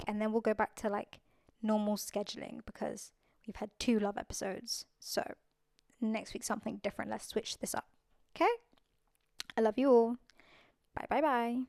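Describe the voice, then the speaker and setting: A woman's voice: fairly high pitch, steady tone, normal speed, gravelly, long pauses, a little mellow, dry recording, clean studio sound. A young adult woman hosting her own podcast, talking earnestly and repeating phrases for emphasis. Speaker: podcast host. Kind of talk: casual solo podcast talk.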